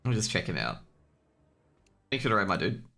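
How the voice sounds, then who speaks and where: A man's voice: on the low side, big pitch swings, fairly quick, vocal fry, bright, forceful tone. An Australian man casting an esports match on his own stream, chatty, rambling and jokey. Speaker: esports caster. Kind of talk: casual solo stream commentary.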